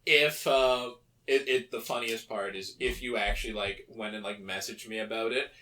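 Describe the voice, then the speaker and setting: A man co-hosting a casual podcast chat, animated and swearing freely as he tells stories. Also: on the low side, moderate pace, far from the mic. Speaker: podcast co-host. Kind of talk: casual chat among friends.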